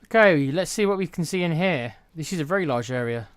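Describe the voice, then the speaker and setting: A man casually commenting on a video game as he plays, relaxed and blunt, muttering to himself. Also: fairly high pitch, fairly quick, clear, resonant tone, no room sound. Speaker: gaming streamer.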